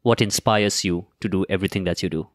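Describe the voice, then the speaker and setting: A man hosting an interview, measured and explanatory as he guides the guest. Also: deep voice, steady tone. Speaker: interview host.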